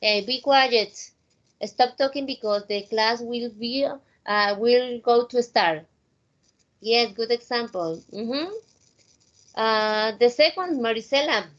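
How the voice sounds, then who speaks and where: A woman's voice: a little high, slow pace. A woman English teacher with a Spanish accent, running a class and mixing simple English with Spanish. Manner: switches between simple English and Spanish, encouraging. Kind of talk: online class instruction. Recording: dull, lo-fi online call audio.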